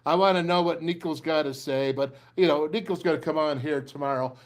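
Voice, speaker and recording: Casting: older male sports talk host, slightly high voice, fiery, rambling, rallying delivery. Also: a little fast. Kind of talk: fired-up sports talk show.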